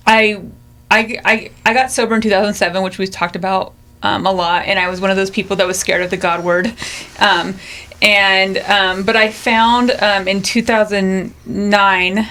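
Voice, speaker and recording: A woman's voice: medium pitch, fairly bright tone. A woman co-hosting a talk show, telling her personal recovery story earnestly with many ums. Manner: fillers, frequent ums, earnest. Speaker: co-host.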